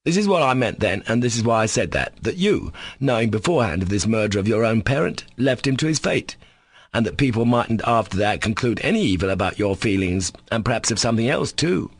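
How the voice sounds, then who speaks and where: A man's voice: on the low side, very animated, husky, no room sound, exaggerated voice. A man doing an insolent sickly servant. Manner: slow, controlled, sarcastic and defiant. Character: sickly insolent male servant, sly and resentful. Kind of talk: audiobook character reading.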